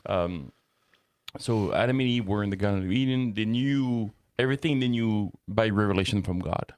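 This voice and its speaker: A man with a lowish voice hosts a casual Christian talk show, working through ideas aloud and restarting phrases as he explains. The sound is dry and close to the mic. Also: normal speed, dry recording. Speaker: host and ethics teacher.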